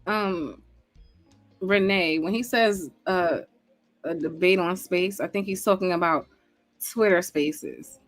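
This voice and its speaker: A woman co-hosting a stream who calmly explains a point to the host. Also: fairly low pitch, slow, dry recording, faint music behind.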